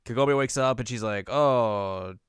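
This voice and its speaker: A man's voice: on the low side, moderate pace, fairly bright tone, clean tone, dry recording, studio quality. A man co-hosting a podcast, recapping an anime episode in casual chat and slipping into goofy quoted character voices. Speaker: podcast co-host.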